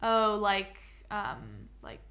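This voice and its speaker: A woman's voice: mid-range voice, big pitch swings, drawn-out words, a bit bright. A young woman in casual chat, curious and playful, guessing slang and asking for context. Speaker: friend being quizzed.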